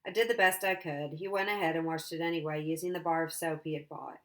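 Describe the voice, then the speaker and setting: A woman teacher reading a novel aloud to her class. Her reading is steady and plain, and her voice sits a little low. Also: quick pace.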